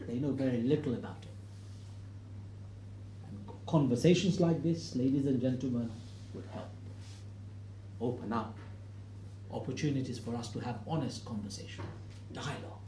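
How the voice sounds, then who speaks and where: Middle-aged guy telling a story to a crowd in a hall, acts out the voices, gets loud on the big points, mellow tone, lots of room echo. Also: a little high, lively intonation, moderate pace, long pauses. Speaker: speaker giving a talk to an audience. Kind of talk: storytelling public talk. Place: hall with an audience.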